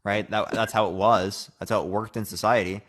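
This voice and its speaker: A man's voice: on the low side, fairly even intonation, fairly quick, fairly bright tone. A man in a casual debate, probing and pressing his argument.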